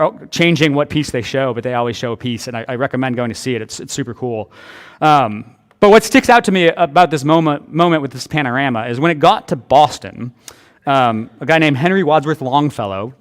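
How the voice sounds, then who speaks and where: A man giving a public history lecture as an author, conversational and thinking aloud, with frequent restarts. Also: medium pitch.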